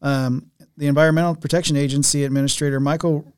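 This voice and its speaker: A podcast host with a fairly high, level, slightly mellow voice speaks quickly, his tone clear and resonant in a clean, echo-free studio. In casual chat and news reading, he rambles through a family story, restarting often and laughing a lot.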